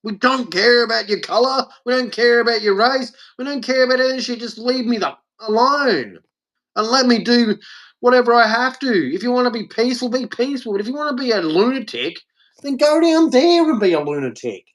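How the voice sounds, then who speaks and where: An Australian man delivers an angry vlog rant straight to camera. He is blunt and profane, and he leans hard on his words. His pitch is lively and swings widely as he talks. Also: brisk. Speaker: vlogger. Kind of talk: ranting monologue to camera.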